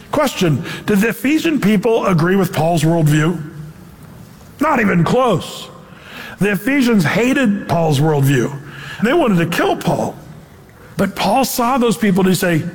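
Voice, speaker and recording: A man preaching a sermon as pastor, animated and acting out the voices he quotes. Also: sits high, big-room sound.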